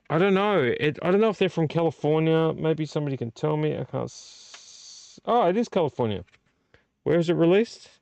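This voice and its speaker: A man's voice: mid-range voice, darkish tone, clear, resonant tone, no room sound. A man hosting a live vlog, chatting casually and enthusiastically, rambling, swearing freely and talking straight to his viewers. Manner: enthusiastic, talks to the chat directly. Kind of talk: casual live-stream chat.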